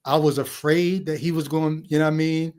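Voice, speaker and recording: A man's voice: on the high side, fairly even intonation, a little fast, darkish tone. A man hosting a podcast, talking casually about a film and thinking aloud about what it means. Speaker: podcast host.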